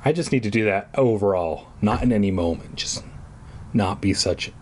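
A man's voice: on the low side, expressive, moderate pace, a little hiss or hum. A man hosting a podcast, reading a children's horror book aloud with crude, self-deprecating asides. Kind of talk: casual comic read-aloud with asides.

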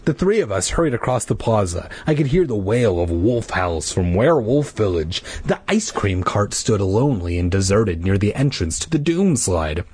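Brief: hoarse, husky male reader, lively delivery, dry sound, casual with crude asides. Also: on the low side, normal speed, few pauses. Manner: casual, ad-libbing crude jokes. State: hoarse from illness. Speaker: audiobook reader. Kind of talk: casual read-aloud of a children's horror book.

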